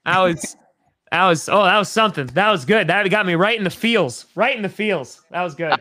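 An excitable man in his thirties from New York, talking as a podcast guest in a loose, rambling way. His voice sits high and bright, and the sound is close and dry. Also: fairly quick, no echo. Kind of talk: casual podcast chat.

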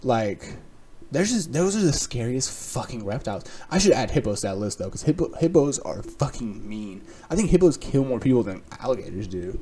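A man's voice: medium pitch, very animated, moderate pace, dark tone, a little hiss or hum. A young man hosting a solo podcast, rambling casually with lots of swearing, filler words and sarcastic asides. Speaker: podcast host.

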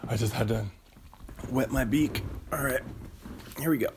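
A man hosting a casual podcast, rambling and joking at himself, who breaks into silly high-pitched bits before reading a plot recap. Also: moderate pace, background noise. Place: home.

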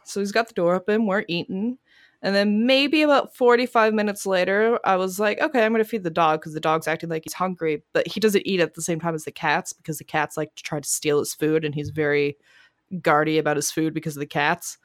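Woman podcast co-host, lowish voice, casual and animated, swears freely, dry close recording. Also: fairly quick, no room sound. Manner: animated storytelling, swearing freely, yelling in retold quotes. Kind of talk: casual chat. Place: home garage studio.

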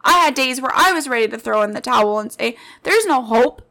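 A woman's voice: a little high, expressive, fast talker, creaky, bright, forceful tone. A woman in her late twenties hosting a podcast, sharing personal stories in an earnest, heartfelt monologue that speaks straight to her listeners. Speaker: podcast host.

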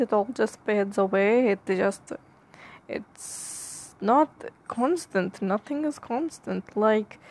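Punjabi lady podcasting in a put-on accent, high swooping voice, slow and rambling. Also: darkish tone. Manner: theatrical put-on foreign accent; musing, drifting between jokes and philosophy. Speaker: podcast host. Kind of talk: rambling comic monologue.

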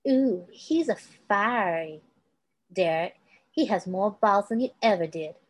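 A woman voicing a cruel, mocking villainess with syrupy, drawn-out endearments in an amateur fan-fiction reading. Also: mid-range voice, lively intonation, low-quality recording. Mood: mocking sweet. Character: menacing sweet-talking villainess, cruel and mocking.

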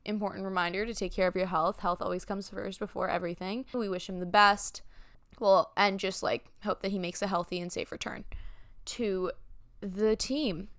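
Bright, smooth-voiced chatty woman co-host. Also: mid-range voice, steady tone, moderate pace, no echo, clean studio sound. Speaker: podcast co-host. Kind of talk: casual sports podcast chat.

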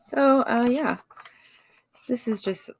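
A woman's voice: a little high, slow, a little mellow, a little hiss or hum. A woman in a casual vlog, frankly chatting and reading her own emotional poems aloud with feeling, swearing freely. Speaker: vlogger.

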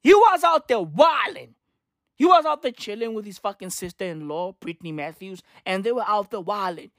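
A woman's voice: medium pitch, animated, normal speed, dry recording, clean studio sound. A woman delivering a comedic sports rant in slangy, profane, repetitive street talk.

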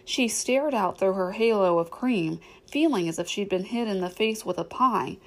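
A woman's voice: mid-range voice, normal speed, low-quality recording. Woman narrating a novel aloud. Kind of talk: audiobook reading.

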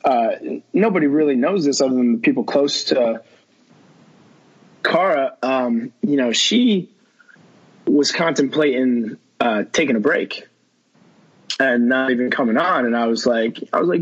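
A man's voice: medium pitch, a little slow, husky, highs cut off. A young man talking as a podcast guest, telling a long story in rambling casual chat full of fillers and quoted dialogue.

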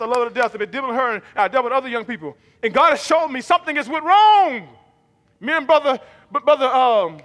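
High, bright-voiced preacher in a reverberant hall. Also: male voice. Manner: rhythmic, emphatic, calls congregation to repeat lines. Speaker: pastor. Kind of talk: sermon with call and response. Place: church sanctuary. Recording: long reverb of a large hall.

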